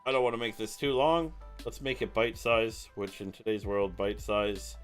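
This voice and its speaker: A man's voice: lowish voice, steady tone, moderate pace, soft background music. A man streaming live, talking casually and rambling, with jokes and some swearing. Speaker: online marketing streamer. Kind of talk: casual livestream talk.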